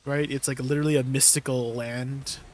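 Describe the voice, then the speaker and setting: A man's voice: medium pitch, little pitch movement, a little fast, darkish tone, a little hiss or hum. A man streaming live and chatting casually with his viewers, laid-back and laughing often. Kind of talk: casual livestream chat with viewers.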